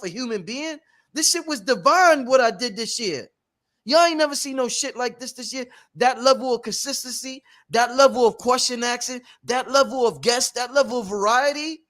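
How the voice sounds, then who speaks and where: Man hosting; very high, pushy, swears freely, circles back to his point. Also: normal speed, fairly bright tone. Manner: emphatic, profane, repetitive. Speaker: host. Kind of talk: animated workshop talk.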